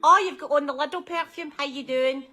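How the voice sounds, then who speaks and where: A woman's voice: high voice, normal speed, bright, forceful tone. A woman giving sweary, sarcastic running commentary on a livestream, mimicking the people she mocks. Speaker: livestream co-host.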